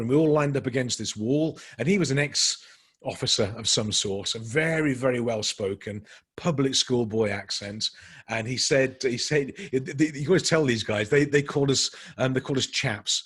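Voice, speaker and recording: A middle-aged man telling a personal story to a workshop group, acting out the dialogue with lively energy. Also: mid-range voice, breathy edge. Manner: animated anecdotal storytelling, acting out quoted dialogue with rising energy. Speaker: workshop speaker.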